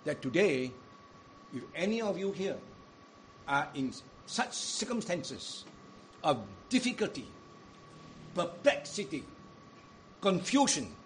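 A man preaching with a high voice, swinging between loud emphatic cries and low, quiet stretches as he quotes scripture. A faint hiss of noise sits behind him. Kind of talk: sermon.

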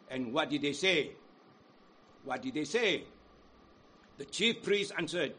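A man's voice: fairly high pitch, animated, a little slow, pauses often, fairly bright tone, breathy edge. A man preaching a sermon, acting out quoted crowd cries with rising and falling emphasis. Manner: sings hymn unaccompanied.

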